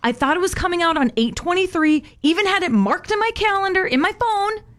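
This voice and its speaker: A woman's voice: extremely high pitch, lively intonation, fairly quick, fairly bright tone. A woman co-hosting a radio show, chatting casually and playing up her sorrow with dramatic exaggeration.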